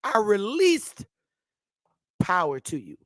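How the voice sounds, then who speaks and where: A woman vlogger sitting at home, ranting loudly and profanely to her viewers and laughing often. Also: medium pitch, huge pitch swings, slow, dry recording, clean studio sound. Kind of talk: profane comic rant to viewers.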